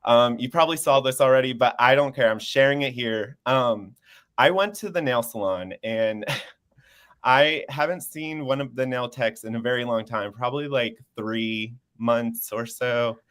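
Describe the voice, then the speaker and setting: A man's voice: mid-range voice, a little slow, fairly bright tone. Earnest young man on a video call. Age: 20s. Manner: earnest, open, laughs easily while sharing. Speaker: panel guest. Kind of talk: casual chat.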